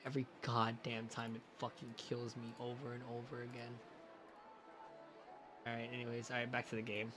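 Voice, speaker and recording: A young man streaming a game, chatting casually, excitable and profane. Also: mid-range voice, moderate pace, a little hiss or hum. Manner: excitable and profane, bursts into loud laughter. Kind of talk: casual live-stream commentary.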